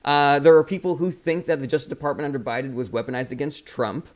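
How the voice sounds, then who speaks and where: A man's voice: medium pitch, fairly even intonation, fast. Male streamer, casual political commentary, heated and profane, reacts to viewer comments. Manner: reads viewer comments aloud and answers them. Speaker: political livestream host.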